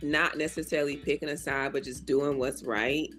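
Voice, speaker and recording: A woman's voice: low-pitched, fairly even intonation, moderate pace, faint music behind. A woman hosting a casual chat, talking in an affirming, personal way with many fillers. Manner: warm, affirming, chatty with fillers.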